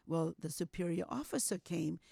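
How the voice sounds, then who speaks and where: An older woman telling a personal story as an interview guest, animated, acting out what people said and sprinkling in "you know.". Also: lowish voice, normal speed, gravelly, breathy edge, no echo, clean studio sound. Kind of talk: storytelling testimony.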